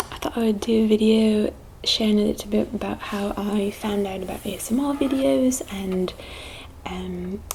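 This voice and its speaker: A woman from the United States speaking in a put-on British accent, telling a personal story in a soft, whispered ASMR delivery with many hesitant pauses. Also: medium pitch, gravelly, a little hiss or hum, low-quality recording. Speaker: ASMR channel host.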